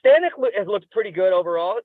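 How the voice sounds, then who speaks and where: A man with a high voice trades loose, joking sports talk as a podcast co-host. His sound is thin and phone-like, with a dry, close feel to it. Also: animated, quick pace, no echo. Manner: loose, joking, swears casually. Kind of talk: casual sports chat.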